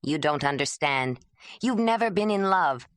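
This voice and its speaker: A defiant, grief-stricken young traveler, as a woman reader puts him on in a storybook, his speech raw and rising and falling widely. The low voice sits close and dry, with no room around it. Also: lively intonation, normal speed, no room sound. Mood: grieving, defiant. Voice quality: pleading, emotional. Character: proud young man, grieving, restless wanderer.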